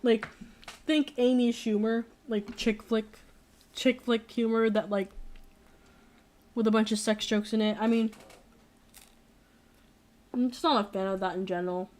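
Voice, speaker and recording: A woman's voice: fairly high pitch, steady tone, unhurried, pauses often, a little mellow. Rambling, opinionated young woman. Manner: rambling, frequent fillers and restarts; opinionated, blunt. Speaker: streamer. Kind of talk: casual chat.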